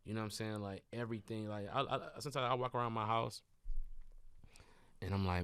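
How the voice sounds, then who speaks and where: A man's voice: lowish voice, fairly even intonation, brisk, pauses often, clear, resonant tone, dry recording. A man in his thirties from Detroit, a comedian guest in a casual interview chat, talking in a laid-back, rambling way. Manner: laid-back, rambling, bursts into loud laughing shouts.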